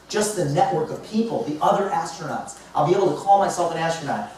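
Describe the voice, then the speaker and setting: A man in his fifties, a motivational speaker telling lively stories to a live audience and acting out both sides of conversations. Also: high-pitched, moderate pace. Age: 50s. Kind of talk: storytelling talk to a live audience. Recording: echoey hall, mic far off, faint noise.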